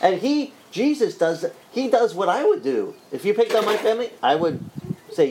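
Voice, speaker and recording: Joking, animated preacher man. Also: high voice, normal speed, slight background noise, low-quality recording. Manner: animated, joking storyteller with many restarts. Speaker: pastor. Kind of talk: sermon.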